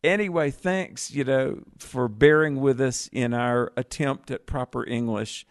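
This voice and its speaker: A man's voice: medium pitch, unhurried, no echo, clean studio sound. A man with a Southern US accent co-hosting a call-in Bible radio show, folksy and chuckling, often repeating his words. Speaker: radio co-host.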